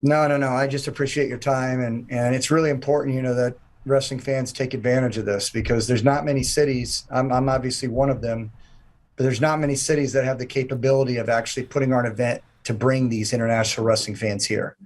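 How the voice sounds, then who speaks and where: A man's voice: medium pitch, steady tone, fast talker, darkish tone. A man guesting on an interview, talking with enthusiasm in long run-on sentences. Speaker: event promoter guest. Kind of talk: casual interview chat.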